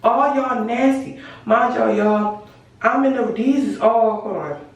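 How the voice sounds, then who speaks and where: A woman's voice: fairly high pitch, slow, highs cut off. A teenage girl tells a story straight to camera in blunt casual chat. She swears freely and slips into the other people's lines as she goes. The voice sits well back from the mic in a room with a lot of echo. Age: teens. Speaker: vlogger telling a story. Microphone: camera mic at a distance. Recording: very echoey room, far from mic.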